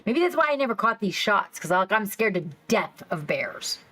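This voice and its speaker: A woman hosting a casual livestream, rambling excitedly and reacting to her chat. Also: mid-range voice, normal speed, slightly rough, poor audio. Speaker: livestream host. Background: faint background music.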